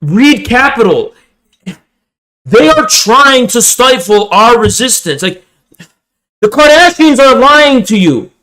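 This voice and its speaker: A man voicing a whiny, condescending young male pundit who is shrill, exasperated and insulting. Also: very animated, takes it slowly, pauses often, pushed and bright, full character voice, poor audio.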